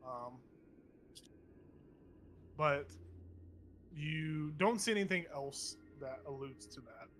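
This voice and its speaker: Laid-back male game master, slightly high. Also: lively intonation, slow pace, long pauses, fairly bright tone, faint music behind. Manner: casual, filler-heavy, laughs often. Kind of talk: narrating a tabletop game.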